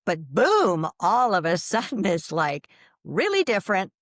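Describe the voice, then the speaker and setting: A middle-aged woman, guesting on a podcast, tells her own story animatedly, full of fillers and restarts and laughing mid-sentence. Her mid-range voice moves at a measured pace, recorded in studio quality with no echo.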